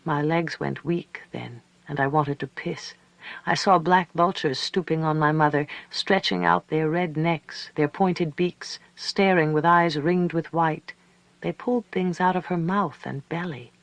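Gravelly-voiced male storyteller. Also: fairly high pitch, no echo. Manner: calm, measured, reflective storytelling. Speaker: audiobook narrator. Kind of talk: scripted narration.

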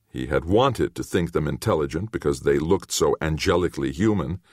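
A man reading a novel aloud as its narrator, in a measured, storytelling way. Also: deep voice, no echo, studio quality. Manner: measured storytelling with expressive, varied intonation. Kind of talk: audiobook narration.

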